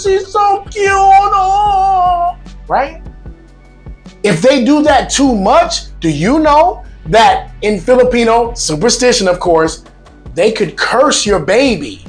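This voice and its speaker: A man hosting a casual vlog, talking to viewers in a lively, joking way with emphatic asides. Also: high voice. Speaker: vlog host.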